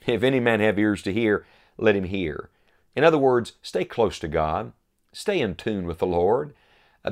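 An earnest man delivering a sermon in a fairly low voice. He reads old scripture wording aloud and presses his points home with repeated phrases and deliberate pauses. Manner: slows for emphasis, rising repeated phrases. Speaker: preacher.

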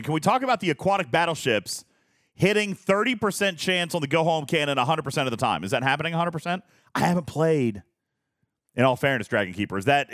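A man's voice: fairly high pitch, a bit bright, no room sound, studio quality. A man hosting a casual live stream, rambling, laughing often and reading chat messages aloud. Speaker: streamer host.

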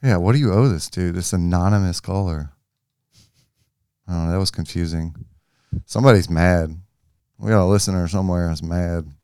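A man's voice: low voice, moderate pace, long pauses, a little mellow, smooth, dry recording, studio quality. A man co-hosting a casual basketball podcast, loose and joking, with easy swearing. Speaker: podcast co-host.

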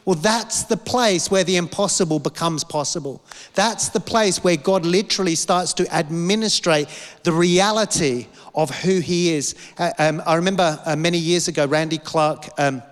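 A man's voice: on the high side, normal speed. Impassioned man preaching in a big hall. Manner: impassioned, repetitive, rhetorical questions. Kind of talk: sermon.

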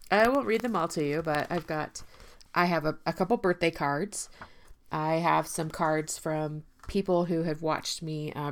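A woman's voice: sits low, gravelly. A woman giving an earnest, personal talk about recovery, encouraging listeners directly and getting emotional at times. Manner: emotional at times, laughs softly. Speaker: recovery speaker. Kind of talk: personal talk showing her emergency kit.

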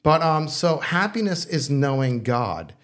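A man's voice: on the high side, sing-song, measured pace, fairly bright tone. A male pastor in casual discussion, thinking aloud with restarts and checking in with "okay?", sometimes teasing. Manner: playful, teasing. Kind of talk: casual discussion on faith and philosophy.

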